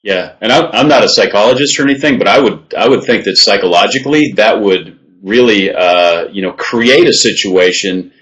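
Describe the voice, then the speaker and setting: A man's voice: on the low side, animated, normal speed, hardly any pauses, a bit bright, low-quality recording. A man co-hosting a podcast in casual chat, easygoing and agreeable, with some hesitant fillers. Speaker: co-host.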